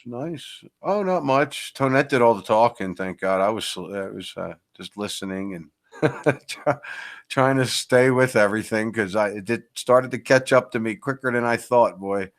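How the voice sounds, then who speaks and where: A man speaking as a guest in a casual online chat, relaxed and agreeable, chuckling now and then. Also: medium pitch, moderate pace.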